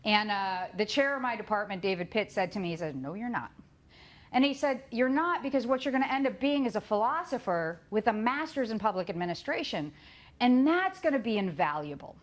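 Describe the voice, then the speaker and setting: Lively woman telling her own story. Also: on the high side, a little fast. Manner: lively storytelling, acts out quoted voices, laughs at herself. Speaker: conference speaker. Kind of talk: personal story in a talk.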